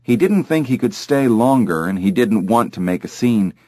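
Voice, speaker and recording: A man narrating an audiobook in a measured, expressive way. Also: mid-range voice, no echo, studio quality. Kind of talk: scripted narration.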